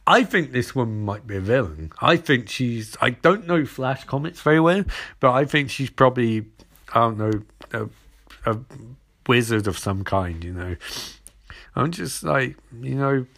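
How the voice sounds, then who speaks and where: A man's voice: mid-range voice, expressive, unhurried, fairly bright tone. Sarcastic rambling man recapping a show. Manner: sarcastic, rambling, acts out characters' lines. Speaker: TV episode recapper. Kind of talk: casual recap commentary.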